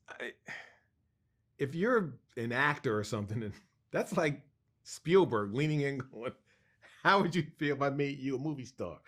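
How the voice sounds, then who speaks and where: A middle-aged man, a cartoonist guest, telling a long personal story in an interview, animated and stumbling over restarts. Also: a little high.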